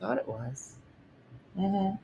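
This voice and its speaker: A woman's voice: mid-range voice, big pitch swings, slow, creaky, dark tone, a little hiss or hum. A middle-aged woman hosting a casual livestream chat, talking about her home and reading out viewer comments. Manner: chatty, reads viewer comments aloud. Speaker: host.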